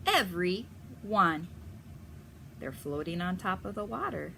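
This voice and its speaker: A woman reading a picture book aloud to children, gently asking the listener questions as she goes. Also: on the low side, big pitch swings, a little slow, vocal fry, pauses often, a little hiss or hum. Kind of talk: storybook read-aloud.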